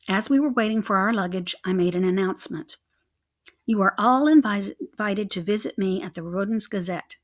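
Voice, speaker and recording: A woman reads a children's storybook aloud, narrating in the first person with lively, expressive storytelling. Her voice sits at a middle pitch for a woman. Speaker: audiobook narrator. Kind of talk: reading a children's book aloud.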